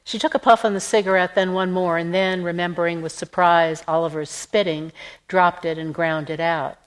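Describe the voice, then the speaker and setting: Woman narrating a novel, low voice. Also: fairly even intonation, normal speed, rough recording. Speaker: audiobook narrator. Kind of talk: scripted narration.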